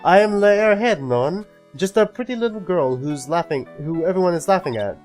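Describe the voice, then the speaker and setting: A man's voice: high-pitched, lively intonation, normal speed, a little mellow, soft background music. A man voicing a vain, flamboyant man with a put-on French accent, theatrical and sing-song, dropping French words. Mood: self-pitying.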